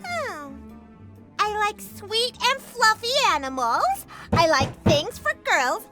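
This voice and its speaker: Spoiled, demanding little girl; very high, unhurried, game music underneath. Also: very animated, full character voice. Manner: whiny, demanding.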